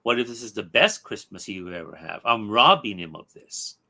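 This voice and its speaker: A man's voice: lowish voice, animated, moderate pace, sharp tone, full character voice. A man reading as a bitter ghost hero. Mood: indignant. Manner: indignant, self-pitying. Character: bitter dead male circus performer turned ghost hero. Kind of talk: read-aloud comic dialogue.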